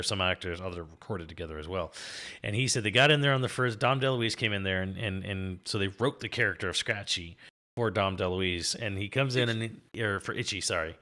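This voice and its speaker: Bright-voiced man rambling through a story. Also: low-pitched. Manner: rambling, animated storyteller with frequent restarts and swearing. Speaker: co-host of a gaming stream. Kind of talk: casual chat on a live stream.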